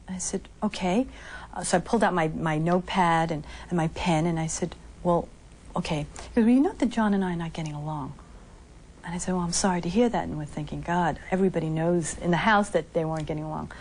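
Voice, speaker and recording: A woman recounting personal memories in an interview, acting out what others said to her with lively shifts in voice. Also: on the low side, fast. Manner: acts out quoted dialogue with lively shifts. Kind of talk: candid storytelling interview.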